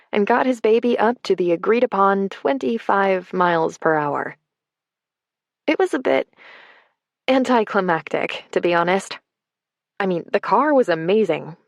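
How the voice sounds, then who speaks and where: A woman's voice: on the low side, no echo, muffled recording. A woman narrating a romance audiobook in the first person, in a wry storytelling manner on a close mic.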